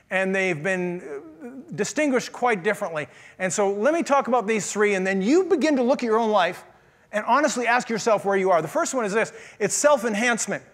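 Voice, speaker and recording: High-voiced preaching pastor. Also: male voice, fairly bright tone. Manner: conversational preaching with rhetorical questions. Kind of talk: sermon. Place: church.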